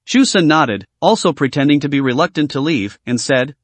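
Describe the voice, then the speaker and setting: A man narrating a translated fantasy novel as an audiobook, in an even, steady storytelling manner. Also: a little high, normal speed, dry recording.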